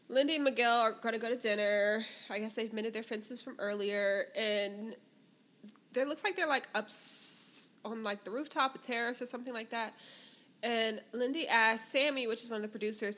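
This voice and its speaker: A woman co-hosting a chatty podcast, recapping reality-show scenes in a relaxed storytelling way. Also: fairly high pitch. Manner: relaxed storytelling recap, acting out quoted lines. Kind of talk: casual chat.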